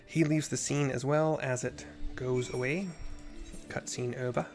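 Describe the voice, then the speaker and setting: Man narrating a game for blind viewers, chatty, self-correcting, mid-pitched, faint music behind. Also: steady tone, unhurried. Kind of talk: casual narrated playthrough.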